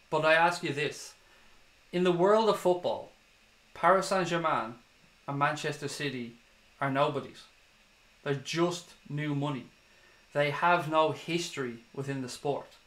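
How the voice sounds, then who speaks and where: A man's voice: on the high side, fairly bright tone, echoey room. Ranting Irish man on a livestream. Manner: heated, swearing, ranting. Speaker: fan channel livestream host. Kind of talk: livestream commentary reading comments.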